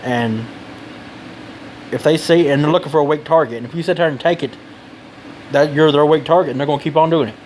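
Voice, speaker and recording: A man's voice: fairly high pitch, brisk, pauses often, darkish tone, a little hiss or hum, poor audio. A man giving blunt advice in a casual vlog, rambling and swearing freely.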